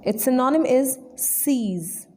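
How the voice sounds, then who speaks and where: A woman, an English trainer, slowly explaining vocabulary words one by one in a lesson. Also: high voice, expressive, darkish tone. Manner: slow, deliberate word-by-word explanation.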